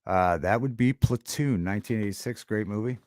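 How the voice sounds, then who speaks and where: A man's voice: lowish voice, dry recording. Rambling man hosting a livestream. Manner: rambling, halting, with many restarts and chat shout-outs. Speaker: livestream host. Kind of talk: casual livestream chat with viewers.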